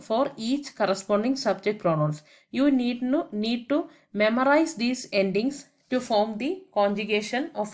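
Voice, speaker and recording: Brief: a woman as patient language teacher, grammar voice-over, slow spelling of each word. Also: fairly high pitch. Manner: methodical, spells words out letter by letter; explains each point with English translations. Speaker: French teacher.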